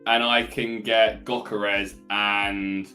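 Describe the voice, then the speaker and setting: A man co-hosting a casual fantasy football podcast, calmly laying out his options one by one with a dry sense of humour. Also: fairly low pitch, takes it slowly, faint music behind. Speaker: podcast co-host.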